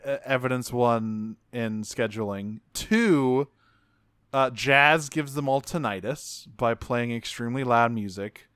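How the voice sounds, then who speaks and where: A man's voice: mid-range voice, takes it slowly, smooth, no room sound, clean studio sound. A man co-hosting a podcast, chatting casually and profanely as he recaps cartoon episodes and acts out lines in goofy voices. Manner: animated, profane, acts out quotes in silly voices. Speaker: podcast co-host.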